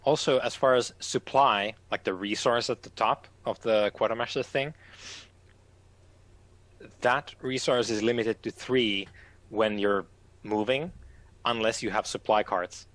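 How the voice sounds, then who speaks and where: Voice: mid-range voice, steady tone, measured pace, long pauses, fairly bright tone. A game master, casually explaining the game's rules and laughing often. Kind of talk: casual tabletop game chat.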